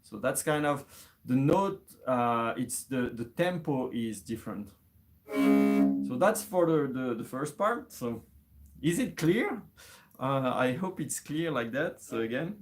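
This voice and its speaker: A man's voice: mid-range voice, expressive, measured pace. A man giving a casual music lesson, thinking aloud, hesitating and restarting with many fillers. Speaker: music teacher.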